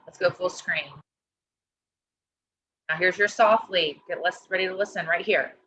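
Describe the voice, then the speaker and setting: Over dull, lo-fi video call audio, a woman leads a choir lesson online, explaining the score one step at a time. Her voice is fairly low, bright and forceful, and her pace is unhurried. She's encouraging and instructive, checking in often with "okay?".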